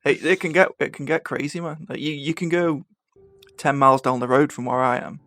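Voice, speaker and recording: A man, hosting a podcast in a relaxed, friendly way and laughing easily. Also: on the high side, a little fast, no echo. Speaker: podcast host. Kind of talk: casual conversation.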